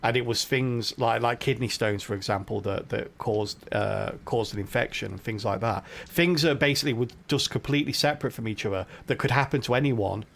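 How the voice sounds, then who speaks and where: Gravelly British man streaming a game. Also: medium pitch, a little fast, hardly any pauses, fairly bright tone, slight background noise. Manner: chatty, laughs often, talks to chat. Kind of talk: casual live-stream commentary.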